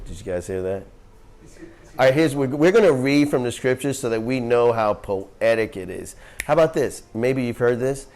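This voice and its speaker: A man's voice: medium pitch, a little mellow. Emphatic man teaching yoga philosophy. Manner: earnest, emphatic, asks the group questions. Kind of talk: spiritual teaching talk to a group.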